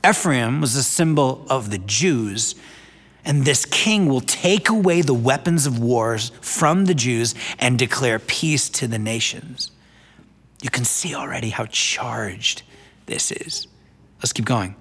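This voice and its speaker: A man's voice: medium pitch, animated, slow pace, vocal fry, fairly bright tone, husky, big-room sound. A man giving a sermon as pastor in a conversational preaching style, with asides to viewers at home. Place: church sanctuary, online broadcast.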